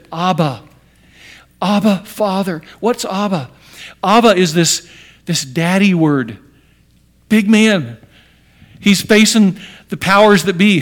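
Man preaching a sermon, rising and hushing. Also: high-pitched. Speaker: pastor.

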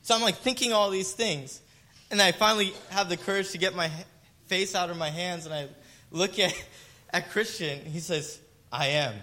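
Bright-voiced man giving earnest testimony. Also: sits high, moderate pace. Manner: emotional, earnest, tag questions. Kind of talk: personal testimony.

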